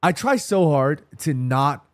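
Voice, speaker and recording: A New York man runs a football live stream, answering chat in a tired, rambling way full of restarts and self-corrections. His slightly high voice is animated and slow, captured with clean studio sound and no room noise.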